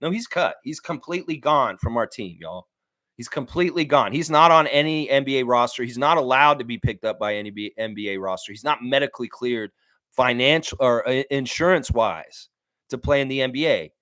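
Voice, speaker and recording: A man's voice: mid-range voice, fairly quick, no room sound, studio quality. A man hosting a live fan reaction stream, reading chat and answering in a blunt, repetitive way with casual swearing. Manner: blunt, animated, swears freely, repeats himself for emphasis. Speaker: sports stream host.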